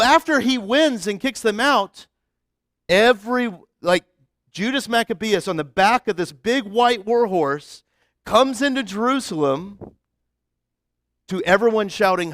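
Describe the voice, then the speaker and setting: A man's voice: sits high, animated, measured pace, fairly bright tone, dry recording, clean studio sound. A male pastor giving a casual, conversational sermon, chatty and full of restarts.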